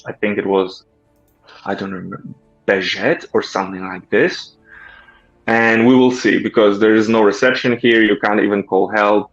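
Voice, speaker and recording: A man, a guest, telling a story from a long hike in a reflective, grateful, unhurried way. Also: lowish voice. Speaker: guest hiker. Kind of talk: casual storytelling. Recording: muffled with faint music.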